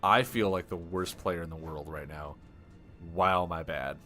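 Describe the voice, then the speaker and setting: A man streaming a card game live, thinking aloud with excitable, self-deprecating commentary. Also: deep voice, unhurried, soft background music.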